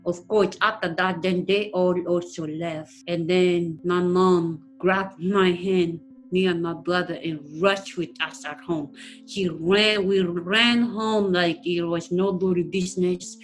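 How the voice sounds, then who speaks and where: A woman with a recounting a frightening childhood memory in an earnest, plain-spoken way, her voice dropping soft at the tense moments. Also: lowish voice, steady tone, slow pace, low-quality recording. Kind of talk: personal storytelling. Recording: faint guitar music behind.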